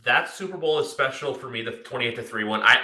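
Young guy hosting a sports podcast, quick and bright, rambly, echoey room. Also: medium pitch. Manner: excited rambling storytelling. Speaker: podcast host. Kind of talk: casual sports podcast chat.

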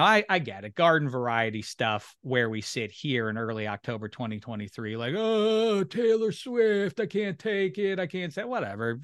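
A man hosting a casual sports talk podcast, ranting in a lively, mocking way. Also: mid-range voice, no echo, clean studio sound. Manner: animated ranting, mock complaints. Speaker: podcast host.

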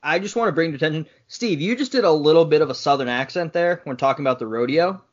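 A man's voice: fairly high pitch, fast, highs cut off. A man from Massachusetts co-hosting a podcast in casual chat, with a dry, teasing manner. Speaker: co-host.

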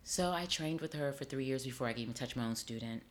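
A middle-aged woman, an actor and acting teacher, chatting in an interview and telling her story with lively acted-out dialogue. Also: rumbling low, fast talker, slight background noise. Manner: animated storyteller, acts out quoted dialogue. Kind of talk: casual interview chat.

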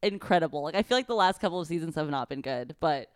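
A young woman co-hosting a podcast, jet-lagged and chatting casually, animated and swearing freely. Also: low voice, fast talker, smooth, no room sound, studio quality. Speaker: podcast co-host. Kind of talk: casual chat.

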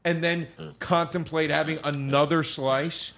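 A man's voice: a little high, little pitch movement, unhurried, vocal fry, fairly bright tone, a little hiss or hum. A man telling stories in a casual podcast chat, acting out dialogue and swearing freely. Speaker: guest comedian.

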